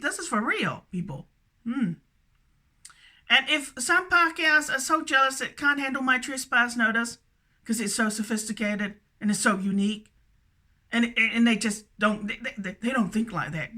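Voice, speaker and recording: A woman's voice: a little high, sharp tone. A woman rambling through a solo video monologue, stammering and repeating herself, with a habit of tagging "that's correct" onto her statements. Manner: repetitive, stammering, keeps saying "that's correct". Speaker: video blogger.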